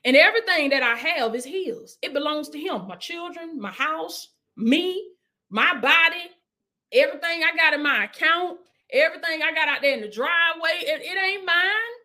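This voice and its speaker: Woman preacher with a high voice, casual sermon delivery that swings between urging and soft prayer. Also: expressive, moderate pace. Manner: preaching with call-and-response, dropping to hushed prayer.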